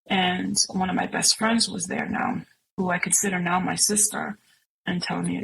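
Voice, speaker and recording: A woman's voice: fairly low pitch, little pitch movement, normal speed, gravelly, fairly bright tone, a little hiss or hum, low-quality recording. A middle-aged woman sharing a personal story as a guest, speaking earnestly and emotionally with many fillers. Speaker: podcast guest.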